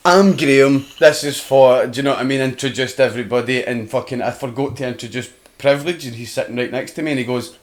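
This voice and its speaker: A man with a Scottish accent hosting a podcast, telling stories in a swearing, laughing way. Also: mid-range voice. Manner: swearing, storytelling, quick to laugh. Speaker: podcast host. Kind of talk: casual chat.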